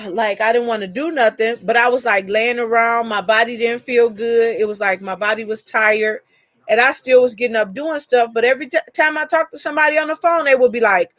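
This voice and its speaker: A woman rambling through a personal story on a casual live chat, breaking off to greet viewers by name. Her voice sits a bit high, and the recording is dry and close. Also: brisk, a bit bright, no room sound.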